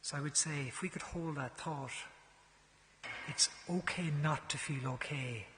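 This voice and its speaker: A man giving a parish mission talk, telling a story and swinging from hushed, slow lines to loud, raised ones. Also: on the high side, big-room sound, noisy background. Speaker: guest speaker. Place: large church.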